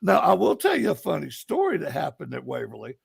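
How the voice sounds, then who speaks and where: Male investigator, lively high voice, animated storyteller. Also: fairly quick, vocal fry, breathy edge. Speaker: paranormal investigator. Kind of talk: casual storytelling on a live stream.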